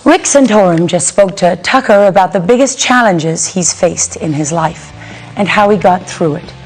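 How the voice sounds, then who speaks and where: A woman hosting a news show, presenting from a script in a smooth delivery. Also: fairly low pitch, moderate pace, soft background music.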